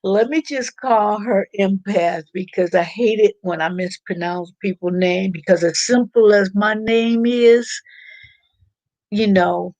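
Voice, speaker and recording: Casting note: woman livestream host, slow and unhurried, dry close sound, chatty and halting. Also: mid-range voice, a little mellow, dry recording. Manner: chatty, halting, repeats words while reading chat. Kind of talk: casual livestream chat.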